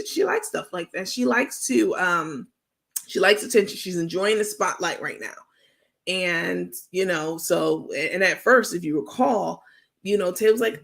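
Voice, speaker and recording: A woman's voice: medium pitch, expressive, normal speed, vocal fry, fairly bright tone. A woman with a New York accent hosting a gossip commentary stream, chatty and slangy with lots of fillers. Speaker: host.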